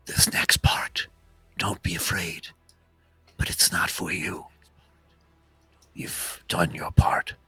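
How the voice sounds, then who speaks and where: A man putting on a mysterious ancient face trapped in an orb speaks low and quiet in whispered role-play, hushed, solemn and reassuring. The voice sits deeper than usual and is softly husky. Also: no echo, exaggerated voice.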